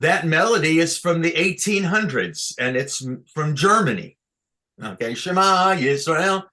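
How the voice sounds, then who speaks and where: A man teaching Torah chanting on a video call, halting with fillers and restarts, chuckling at his own jokes. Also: fairly high pitch, expressive, bright, forceful tone. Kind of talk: online lesson with sung examples.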